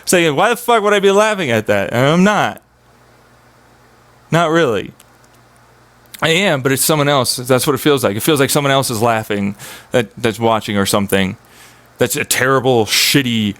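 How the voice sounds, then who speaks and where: A man's voice: mid-range voice, a bit bright, clear, resonant tone. Agitated, swearing young man venting. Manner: agitated, profane, rambling. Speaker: streamer. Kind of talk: venting monologue on a live stream.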